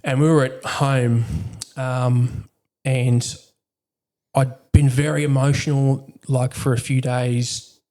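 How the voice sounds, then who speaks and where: Male veteran, podcast guest; dark, mellow voice; candid, profane and conversational. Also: mid-range voice, little pitch movement, slow. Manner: blunt, heavy swearing, frequent fillers.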